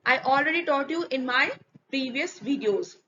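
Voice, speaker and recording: A woman teaching an English grammar lesson with an Indian accent, switching into Hindi, repeating examples slowly and asking and answering her own questions. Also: sits high, animated, sharp tone. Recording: slightly dull, faint background hiss.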